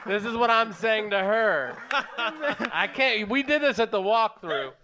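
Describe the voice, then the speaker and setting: High-voiced man telling a crude story. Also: lively intonation, background noise. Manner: crude, self-mocking, halting. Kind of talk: casual comedic storytelling.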